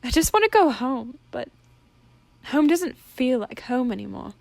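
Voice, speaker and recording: A woman's voice: medium pitch, flat delivery, moderate pace, no echo, lightly acted. A woman voicing a hurt, tearful teenage demon girl who sobs and pleads. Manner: sobbing, pleading, voice breaking.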